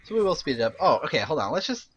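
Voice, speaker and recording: A young man giving casual, animated live-stream commentary on game replays, swearing, laughing and throwing in quick asides. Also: fairly high pitch, slightly rough. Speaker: game caster reviewing replays.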